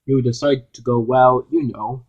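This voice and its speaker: A man's voice: mid-range voice, steady tone, measured pace, darkish tone, lo-fi sound, lightly acted. A man voicing a proud, teasing male engine in a homemade toy-train story.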